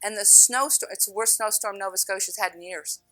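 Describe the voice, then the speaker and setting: Middle-aged woman, spiritual storyteller, lively and bright, dry recording with faint music under. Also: medium pitch, a little fast, no room sound, rough recording. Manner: animated, acts out voices in her story, laughs often. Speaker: spiritual speaker. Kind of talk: personal storytelling talk.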